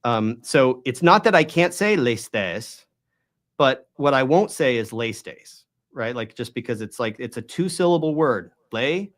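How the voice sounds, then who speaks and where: A man running a Bible study channel gives a long, emphatic, argumentative explanation of Greek pronunciation, frequently checking in with his listener. His medium-pitched voice is animated, and he speaks at a moderate pace with few pauses.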